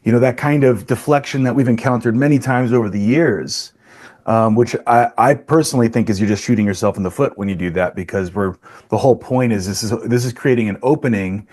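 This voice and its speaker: A man's voice: mid-range voice, fairly quick, darkish tone. Reflective man hosting a podcast. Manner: reflective, thinks aloud with restarts and rhetorical questions. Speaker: podcast host. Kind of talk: philosophical discussion.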